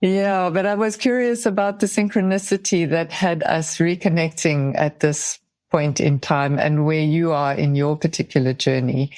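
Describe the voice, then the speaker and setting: Woman, podcast host, slightly low pitch, calm, measured, curious interviewer. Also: dry recording. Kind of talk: interview questions.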